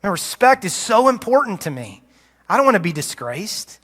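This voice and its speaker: A man's voice: high-pitched, sing-song, moderate pace, a bit bright. A man preaching a sermon as pastor, earnest and confessional, often restarting his sentences. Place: church sanctuary. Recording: long hall reverb.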